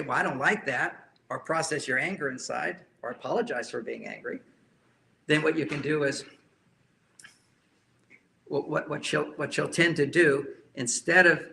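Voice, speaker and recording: Gravelly, bright-voiced male counselor. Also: fairly high pitch, slight background noise. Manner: emphatic, repeats key phrases. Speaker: relationship counselor. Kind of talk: talk to a live audience.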